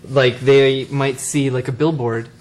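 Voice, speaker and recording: A man's voice: mid-range voice, steady tone, a little slow, a little hiss or hum. A man in a casual spiritual talk, thoughtful and explaining with everyday examples. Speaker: co-speaker on spirituality.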